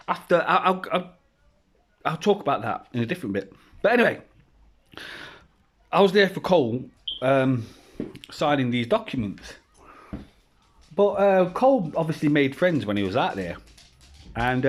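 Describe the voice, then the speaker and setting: A man's voice: on the high side, breathy edge. A man, telling a personal story at home in a rambling, swearing, casual way. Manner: rambling, heavy swearing, frequent restarts. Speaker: vlogger. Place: at home with children around.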